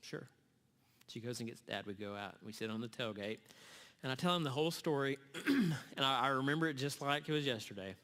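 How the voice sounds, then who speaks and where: Middle-aged male church speaker, earnest storyteller with a tense, bright edge; recorded in a reverberant hall. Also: mid-range voice, expressive. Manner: earnest, halting storyteller with many restarts. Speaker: speaker at a church summer series. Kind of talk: storytelling sermon talk. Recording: long reverb of a large hall.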